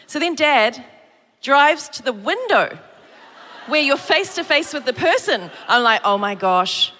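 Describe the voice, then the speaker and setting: New woman preacher, high bright voice, animated storyteller, reverberant hall. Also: measured pace. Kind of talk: sermon with personal story. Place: church hall.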